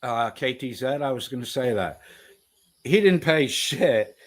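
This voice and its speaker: A man's voice: mid-range voice, animated, a little slow. A man hosting a livestream, reading chat and ranting with profanity and taunts. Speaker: stream host reading chat. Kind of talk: heated livestream commentary.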